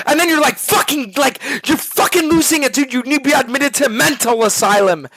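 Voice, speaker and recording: A young man streaming a game, ranting to his chat in a profane, exasperated way that swings from shouting to muttering. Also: extremely high pitch, expressive, fairly quick, few pauses.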